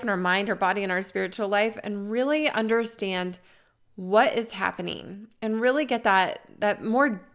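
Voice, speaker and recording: A woman in her thirties, a podcast host giving earnest, encouraging coaching to listeners and slowing down to stress key words. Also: mid-range voice, fairly bright tone.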